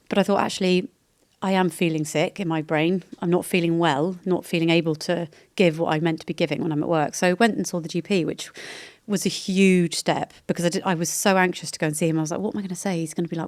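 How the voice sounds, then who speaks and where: A woman's voice: sits low, no room sound, clean studio sound. A British woman in her thirties, a podcast guest, talking candidly in a chatty, rambling way that often interrupts itself. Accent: British English. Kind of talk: candid casual chat.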